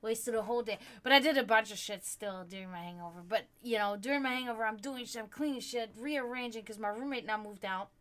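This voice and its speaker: A woman hosting a livestream, chatting casually with her viewers and telling stories in an animated, profane way. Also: fairly high pitch, fast talker, few pauses. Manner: chatty, swearing freely, animated storytelling. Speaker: livestream host. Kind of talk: casual chat with stream viewers.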